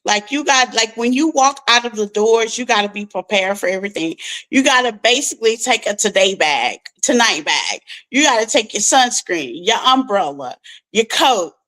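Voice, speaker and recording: A young woman, hosting a tarot channel in casual chat, laughing often and talking in animated slang. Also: on the high side, normal speed, rough recording. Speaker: tarot reader, channel host.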